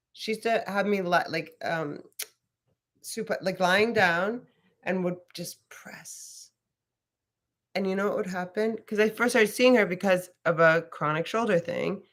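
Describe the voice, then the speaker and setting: A woman's voice: mid-range voice, a bit bright. A woman teaching a casual live yoga class, chatty and rambling, swearing freely as she talks.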